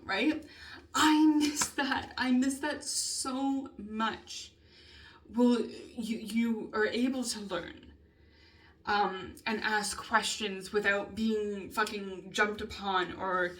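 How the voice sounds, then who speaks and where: A woman's voice: mid-range voice, a bit bright. A young adult woman vlogging a casual spoken journal, rambling with lots of fillers, swearing, laughing and sighing as she talks. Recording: voice a bit far from mic.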